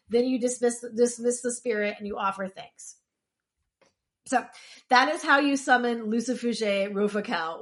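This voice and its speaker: A woman co-hosting a podcast, casually explaining occult lore step by step with dry asides. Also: a little high. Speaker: podcast co-host.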